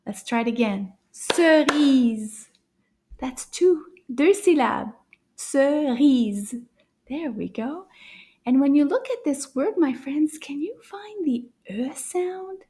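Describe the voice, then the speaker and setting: High-voiced lady doing a slow kids lesson, cheery and coaxing, sometimes whispers. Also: warm tone. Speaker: French teacher for children. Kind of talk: slow, encouraging kids' lesson.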